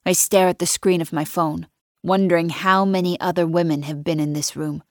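Cool, low-voiced woman narrating. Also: moderate pace, dry recording, clean studio sound. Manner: calm, cool and controlled. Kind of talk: first-person audiobook narration.

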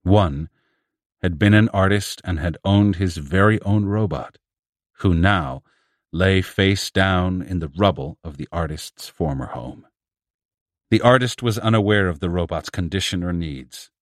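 Deep-voiced man reading a story. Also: no room sound, studio quality. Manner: steady, measured reading with raised voices for quoted characters. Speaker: narrator. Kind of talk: scripted audiobook narration.

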